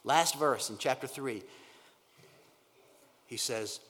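A man preaching a sermon, earnest and emphatic, often repeating words and dropping from loud stress to a near-whisper. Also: medium pitch, takes it slowly, slight background noise. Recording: long hall reverb.

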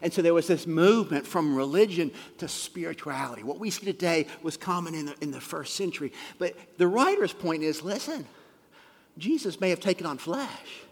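A man preaches a sermon with a voice a little higher than most men's. He drops to hushed near-whispers, then punches key lines out loudly. His voice rings with the long reverb of a large hall. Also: creaky. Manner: swings between soft, hushed asides and loud emphatic punches.

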